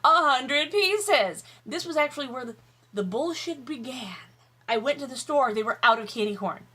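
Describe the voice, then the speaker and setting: Woman vlogger, tired, candid, chatty, swears freely, bright voice, home office. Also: on the high side, brisk, breathy edge. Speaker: YouTube vlogger. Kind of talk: casual chatty vlog while eating.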